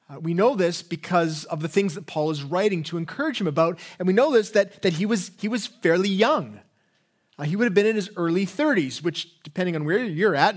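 Higher-voiced English man preaching conversationally. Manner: conversational, with rhetorical questions and frequent "right?". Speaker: pastor. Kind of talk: sermon.

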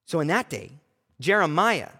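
A man preaching a sermon in a high voice that swings widely up and down, asking his listeners question after question. His delivery is animated, and long reverb from a church hall trails behind each phrase. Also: normal speed, slightly rough. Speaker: pastor.

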